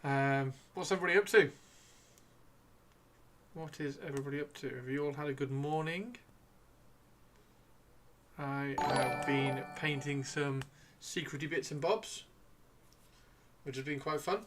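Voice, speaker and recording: Man, streamer, rambling playful chat, bright tone, slightly high voice. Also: steady tone, a little slow, pauses often, a little hiss or hum. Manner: rambling, playful, sing-song teasing. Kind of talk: casual live-stream chat while painting miniatures.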